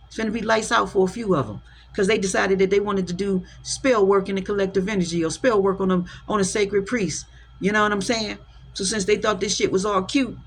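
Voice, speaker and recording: A woman's voice: fairly low pitch, a little hiss or hum. Passionate woman tarot reader, street slang. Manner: passionate, slangy, repeats herself, swings from soft to loud. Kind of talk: casual spiritual talk to viewers.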